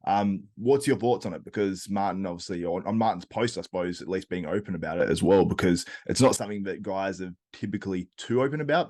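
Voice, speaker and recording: A man hosting a podcast, easygoing and quick to laugh, asking long rambling questions. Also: deep voice, a little mellow. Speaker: podcast host. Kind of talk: casual chat.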